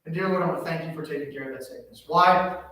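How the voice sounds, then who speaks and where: A man preaching a sermon, telling a family story in an animated way that swings from hushed asides to loud exclamations. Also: on the high side, fast, slight background noise. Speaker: pastor. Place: church sanctuary. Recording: echoey church hall from far off.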